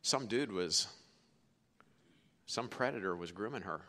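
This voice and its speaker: A middle-aged man preaching a sermon as pastor, telling stories and swinging from hushed to forceful. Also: on the low side, expressive, unhurried. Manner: storytelling, quoting others, swings from hushed to forceful.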